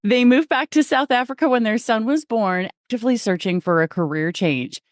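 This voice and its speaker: A woman's voice: on the high side, fairly quick, no echo. Upbeat woman host, dry close sound. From United States. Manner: upbeat and effusive. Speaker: show host. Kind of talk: enthusiastic podcast host introduction.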